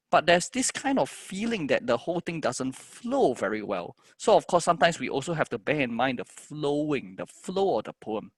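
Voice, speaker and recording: A man's voice: fairly high pitch, sing-song, normal speed, a bit bright, no room sound. A man teaching a music composition lesson, explaining step by step and chanting the words of a poem in rhythm.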